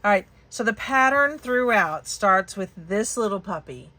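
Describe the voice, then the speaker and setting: A woman hosting a papercraft channel, chatting casually through an unboxing haul, gushing and excitable, now and then breaking into high squeals. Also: measured pace.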